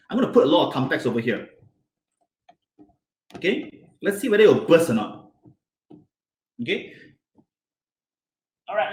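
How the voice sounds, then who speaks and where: A man leads a hands-on science lesson for kids, his fairly high voice bouncing up and down as he keeps throwing questions at the children. He sounds roomy, with plenty of echo around him.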